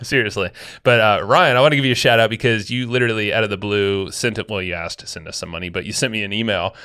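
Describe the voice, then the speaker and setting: A man with a lowish voice co-hosts a podcast, recorded on a studio microphone in a small office studio. He keeps things loose and excitable, cracking jokes and laughing often through the casual chat. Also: fast, smooth. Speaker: podcast co-host.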